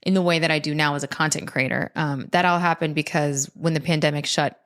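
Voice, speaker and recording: A young adult woman from the United States, a comedian guest on a podcast, telling stories in an animated way and laughing often. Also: low voice. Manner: animated storyteller, laughs often, quick asides. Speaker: comedian and content creator guest. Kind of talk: casual podcast chat.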